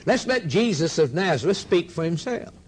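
A man delivers an impassioned sermon in a mid-pitched voice. He builds in rhythmic, repeating waves, then drops to a low murmur when quoting scripture. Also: big pitch swings, moderate pace, slightly rough. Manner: fervent, rhythmic preaching with sharp swings in volume. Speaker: preacher.

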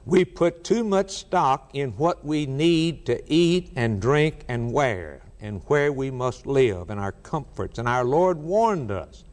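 Middle-aged male preacher, mid-pitched voice, emphatic and repetitive delivery, reverberant hall. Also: expressive, darkish tone. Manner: emphatic, repeats key words, dramatic pauses. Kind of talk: sermon.

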